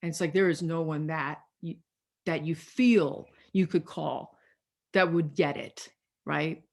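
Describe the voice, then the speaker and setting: A woman pastor preaching a sermon over a video call, deliberate and repetitive, drawing out her key phrases for emphasis. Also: deep voice, creaky, darkish tone.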